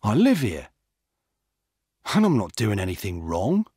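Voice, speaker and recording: A man's voice: on the low side, wildly swooping pitch, measured pace, warm tone, slightly rough, no echo, clean studio sound, heavily acted. A man reading the part of a young male jogger, defensive and indignant.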